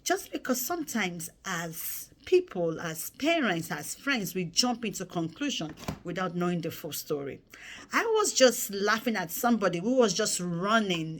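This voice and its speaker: A woman speaking earnestly in a personal storytelling vlog, turning animated as she acts out memories. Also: fairly low pitch. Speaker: vlogger.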